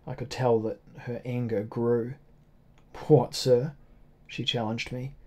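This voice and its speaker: A man reading a first-person novel aloud as an audiobook, at a measured, grave pace. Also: mid-range voice, little pitch movement. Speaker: audiobook narrator.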